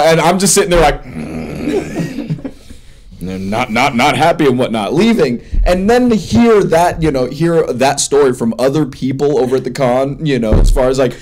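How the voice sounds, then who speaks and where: A man hosting a podcast, telling a story about himself with a self-mocking, expressive delivery. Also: on the high side, moderate pace, a little hiss or hum. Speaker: podcast host. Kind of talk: casual chat, storytelling.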